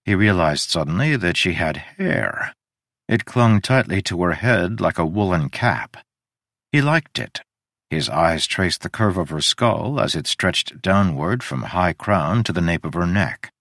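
Deep-voiced male audiobook narrator. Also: expressive, unhurried, fairly bright tone, dry recording, studio quality. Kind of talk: scripted narration.

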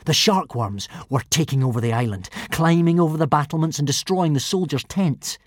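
A man narrating a children's adventure storybook in an expressive, animated reading style. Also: a little high, a little fast, dry recording, studio quality. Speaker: audiobook narrator.

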